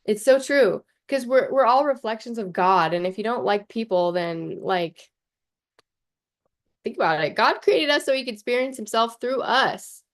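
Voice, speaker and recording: A woman's voice: fairly high pitch, expressive, moderate pace. A woman coach talking straight to camera in a casual vlog, chatty and passionate, blunt, swearing and saying "like" a lot. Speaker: life coach.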